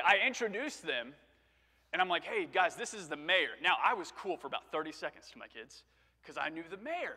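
A man's voice: sits high, pushed and bright. A male preacher giving a conversational sermon, telling stories and asking rhetorical questions. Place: church sanctuary. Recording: reverberant church sanctuary.

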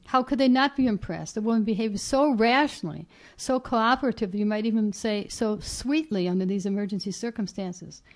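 A woman author reading her own short story aloud in a measured, even way at a reading event. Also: medium pitch. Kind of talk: literary reading. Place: reading event at a writers' house.

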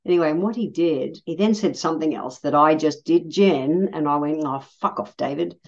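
A middle-aged Australian woman telling a personal story in a casual, blunt way, swearing freely and getting animated when she quotes people. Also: low-pitched, normal speed, dull audio. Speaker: podcast host.

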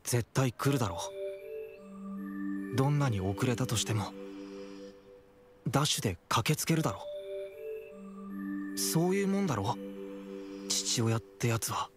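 Earnest, steady anime teen boy, voiced by a man; firm, middle pitch, score behind. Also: fairly quick, pauses often, lightly acted. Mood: insistent. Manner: firm, insistent. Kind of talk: anime dub acting. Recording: anime clip with music behind.

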